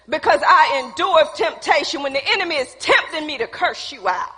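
High, bright-voiced woman preaching. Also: animated, normal speed. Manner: calls out to the congregation, laughing, playful. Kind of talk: lively sermon. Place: church hall. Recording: reverberant church hall.

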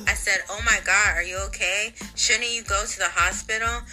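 A woman telling a casual storytime in an animated, incredulous way. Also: mid-range voice, moderate pace, faint music behind, poor audio.

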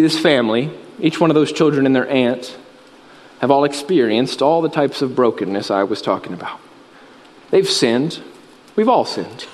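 A man preaching a sermon, telling a story earnestly and dropping his voice low and soft at solemn moments. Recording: reverberant hall.

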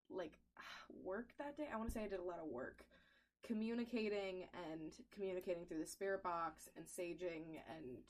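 A woman co-hosting a casual podcast chat, telling stories animatedly, laughing often and swearing freely. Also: on the low side. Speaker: podcast co-host.

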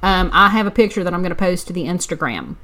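A woman's voice: fairly low pitch, animated, quick pace, fairly bright tone. A woman co-hosting a casual podcast, telling chatty stories and laughing often. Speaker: podcast co-host. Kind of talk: casual chat.

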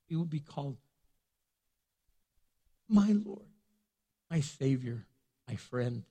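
A middle-aged man, a pastor, preaching a sermon in a husky voice, earnest and conversational, acting out prayers in between. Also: mid-range voice, lively intonation, slow pace, long pauses, mellow. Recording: long hall reverb.

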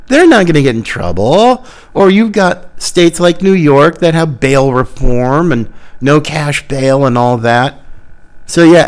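Male podcast host, higher-pitched, sarcastic ranting monologue. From Florida. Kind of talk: opinion monologue.

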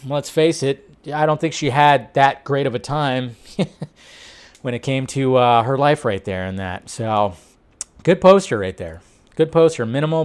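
A man hosting a casual entertainment news talk, animated and rambling, laughing often. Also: on the high side. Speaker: host.

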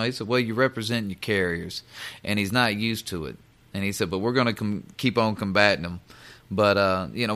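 A man's voice: lowish voice, pushed and bright. A man, a union representative, telling a workplace story in casual talk, earnest and repeating words as he goes.

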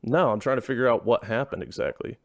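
A male podcast host talking in a deadpan, sarcastic way. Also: mid-range voice, quick pace, creaky, no room sound, clean studio sound. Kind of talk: casual podcast chat.

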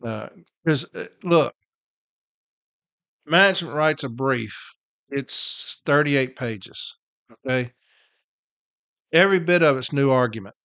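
A man's voice: mid-range voice, animated, takes it slowly, pauses often, pushed and bright, dry recording. A man, a podcast host and union representative, ranting casually in a blunt, heated and profane way, tired and irritated, hammering his points home by repeating them.

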